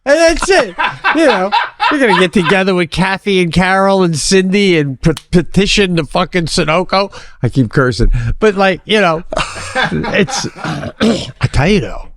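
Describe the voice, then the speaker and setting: A man's voice: high-pitched, expressive, measured pace, fairly bright tone. A man co-hosting a comedy podcast, teasing and sarcastic in casual banter. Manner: sarcastic, teasing, curses often. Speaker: podcast co-host.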